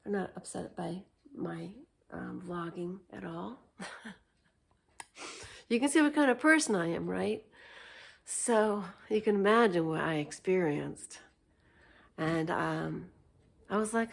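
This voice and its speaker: Woman vlogger, casual unscripted storytelling, unhurried and chatty, laughs often. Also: fairly low pitch, vocal fry.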